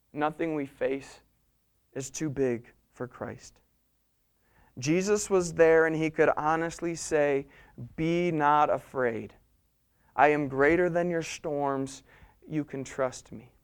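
Preacher, male, high and smooth-toned, animated storytelling from the pulpit. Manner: animated storytelling preaching, swings between soft and loud. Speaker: pastor. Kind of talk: sermon.

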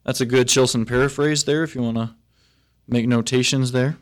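A man preaching a sermon to his congregation. He reads scripture aloud, then retells it in plain, everyday talk, and his voice swings from loud to very soft. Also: mid-range voice, fairly even intonation, normal speed. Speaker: pastor.

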